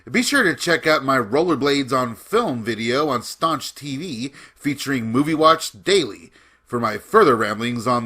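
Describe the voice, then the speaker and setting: Bright-voiced man talking about films. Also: mid-range voice. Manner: enthusiastic, laughs while talking. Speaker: guest film commentator. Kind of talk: casual film commentary.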